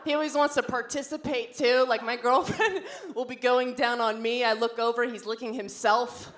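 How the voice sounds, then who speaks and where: Recorded live in a large comedy club, with the audience audible, a young woman with a fairly high voice performs brash, bawdy stand-up at a moderate pace. She acts out the quotes in her stories.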